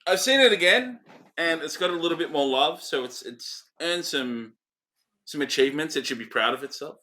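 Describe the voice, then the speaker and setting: A man's voice: fairly high pitch, lively intonation, normal speed, pushed and bright. A man co-hosting a casual film review podcast, easygoing and a little hesitant, laughing often. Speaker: podcast co-host.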